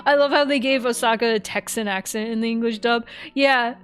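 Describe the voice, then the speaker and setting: A woman livestreaming a game and chatting casually, animated, laughing often and swearing freely. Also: fairly high pitch, a little fast, clean tone, faint music behind. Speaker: streamer.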